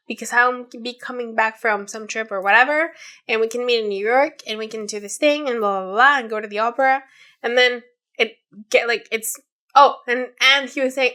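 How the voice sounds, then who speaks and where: A woman's voice: a little high, moderate pace, sharp tone. A woman in her late twenties, co-hosting a podcast and retelling a story in casual chat, with many fillers and quoted voices. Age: 20s. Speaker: podcast co-host.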